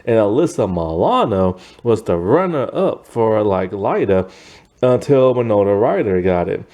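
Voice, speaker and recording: A man's voice: fairly low pitch, big pitch swings, a little slow, a little mellow. A man giving a casual, rambling movie review, opinionated and full of "like" and "man".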